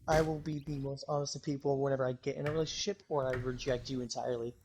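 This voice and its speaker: Quick, brash young man, bluntly honest, casual stream banter. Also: medium pitch, level tone, a little mellow, a little hiss or hum. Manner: blunt, brash, swears a lot. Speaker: guest on a gaming stream. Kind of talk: casual chat.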